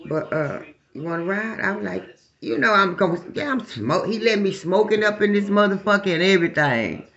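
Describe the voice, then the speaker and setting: A woman's voice: medium pitch, animated, fairly quick, fairly bright tone. A middle-aged woman telling a personal story to listeners, blunt and profane, talking straight to the crowd. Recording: dull lo-fi recording.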